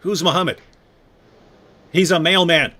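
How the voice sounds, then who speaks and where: A man hosting a live online conversation, reading viewer questions and retelling stories with lively quoted voices. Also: a little high, a little slow. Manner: animated, acts out quoted voices. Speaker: host.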